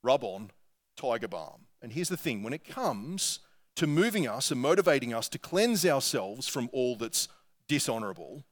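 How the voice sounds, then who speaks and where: A man's voice: medium pitch, very animated, moderate pace. A man with an Australian accent preaching a sermon, talking earnestly and conversationally and reading quotations aloud. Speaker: pastor.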